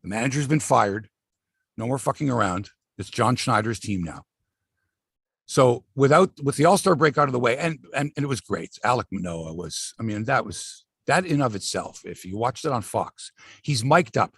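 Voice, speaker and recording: A middle-aged Canadian man hosts a sports podcast from an outdoor studio by a lake, swearing freely and acting out what players said. His gravelly, husky voice swings widely in pitch at a moderate pace. The sound is close and dry, with no room sound.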